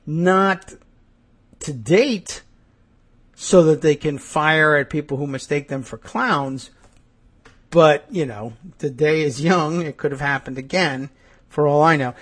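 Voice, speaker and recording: A man's voice: a little high, slow, fairly bright tone. A man hosting a talk show, riffing sarcastically through a news story in comedic commentary. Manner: sarcastic, riffing, slipping into mock voices. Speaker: radio talk show host.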